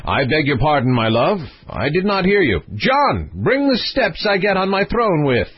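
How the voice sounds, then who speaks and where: A man's voice: fairly high pitch, sing-song, normal speed, breathy edge, no room sound, highs cut off, voice pushed up. A man voicing a small, fussy king who speaks politely and a little flustered, in a storybook reading. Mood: apologetic.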